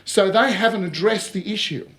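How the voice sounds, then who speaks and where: Lively man telling work stories. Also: sits high, normal speed, a little hiss or hum. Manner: lively storyteller who acts out dialogue and keeps checking with "all right?". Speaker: speaker on recruitment. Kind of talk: casual anecdotal talk.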